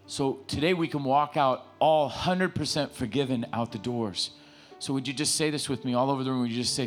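A man preaching in a church, pleading and repeating his phrases with stammering restarts as he leads the room in prayer. His voice sits in an ordinary middle range. A guitar plays quietly underneath. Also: medium pitch, fairly quick. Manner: impassioned, repetitive, stammering restarts. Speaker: pastor. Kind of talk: sermon with altar call and prayer. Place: church sanctuary.

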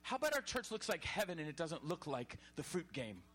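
A man preaching a sermon, animated and exhorting, sometimes shouting. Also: on the high side, fairly quick.

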